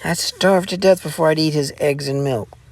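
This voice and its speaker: A man's voice: moderate pace, gravelly. A man voicing a proud, hot-tempered tomboy girl who flares up in indignant outbursts, in a storybook reading. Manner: indignant, high-strung outbursts. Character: fiery proud tomboy girl, quick to anger.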